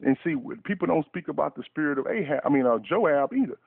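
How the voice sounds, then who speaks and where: A man's voice: a little high, expressive, fast, vocal fry, husky, no room sound. A man preaching a fervent radio sermon, repeating and restarting words in bursts, heard over a dry phone line.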